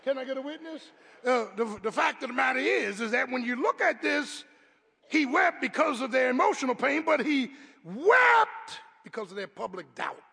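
A man preaching a sermon as pastor, with call-and-response lines, swinging from quiet talk to shouted peaks. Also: extremely high pitch, big pitch swings, moderate pace, gravelly, slightly rough, in a large hall.

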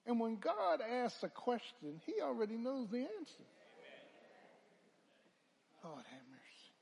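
A male preacher delivering a call-and-response sermon, moving from hushed murmurs to loud, drawn-out calls. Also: extremely high pitch, huge pitch swings, vocal fry.

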